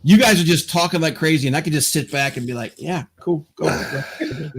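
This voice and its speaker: A man's voice: fairly high pitch, lively intonation, quick pace. Rambling, stammering podcast host man. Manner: rambling, stammering, lots of fillers. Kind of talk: casual chat.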